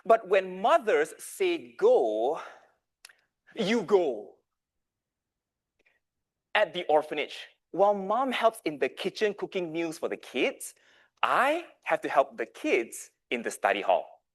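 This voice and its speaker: A man's voice: a little high, big pitch swings, slow, long pauses. A man in his thirties giving a dramatic storytelling speech with big swings in volume. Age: 30s. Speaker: club speaker.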